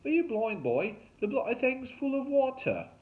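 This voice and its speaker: A man voicing a loud, hoarse male TV survivalist with a put-on Australian accent. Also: extremely high pitch, big pitch swings, moderate pace, voice pushed up. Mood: barking. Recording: tinny phone-like sound.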